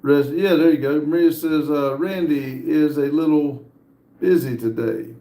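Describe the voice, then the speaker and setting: A man hosting a live stream, casually reading viewer comments aloud with frequent hesitant pauses. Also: a little high, warm tone, echoey room. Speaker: livestream host reading viewer chat.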